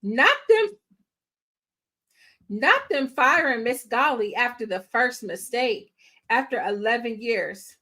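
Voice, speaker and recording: Woman host, casual film reaction, high-pitched, animated slang-filled chatter. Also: slow, pauses often. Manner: playful and exclaiming, using slang, talking to viewers. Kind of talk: casual movie reaction commentary.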